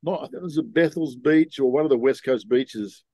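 An older man appears as a podcast guest, telling stories frankly and at length with lots of ums and restarts. His medium-pitched voice is brisk and mellow, recorded dry, in a casual storytelling conversation.

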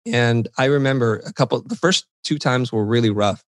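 Middle-aged man, interview guest, animated self-mocking storyteller, dry close sound, mid-pitched voice. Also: moderate pace, no echo. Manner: animated, self-deprecating anecdotes with quoted dialogue. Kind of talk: conversational storytelling.

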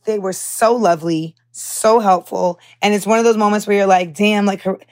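A young woman hosts her podcast in casual conversation, telling stories candidly and with animation, full of fillers and the odd curse. Her voice sits at a middle pitch, and she speaks at a moderate pace.

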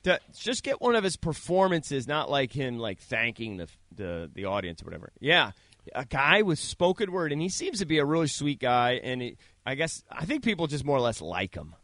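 A man's voice: medium pitch, big pitch swings, moderate pace, a bit bright, dry recording, studio quality. A man hosting a sports radio show, chatting casually with his co-hosts.

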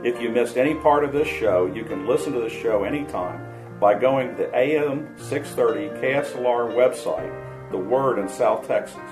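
A man hosting a radio show, reading a scripted dialogue aloud in a measured way. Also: mid-range voice, over music, poor audio.

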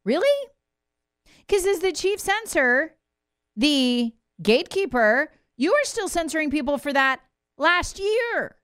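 A woman hosting opinionated political commentary, sarcastic and mocking, with sudden swings between loud jabs and low muttered asides. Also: animated, unhurried, no echo, studio quality. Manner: sarcastic, mocking impressions of officials.

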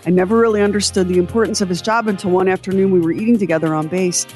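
A woman co-hosting a radio show in relaxed, playful chat. She talks with animated energy and laughs easily, and faint music plays underneath. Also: on the low side, racing.

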